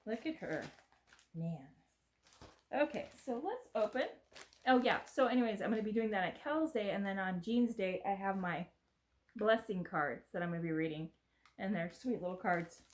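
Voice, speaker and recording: A middle-aged American woman unboxes gifts on her home vlog, chatting casually and rambling a bit. Her medium-pitched voice is animated and moves at a moderate pace.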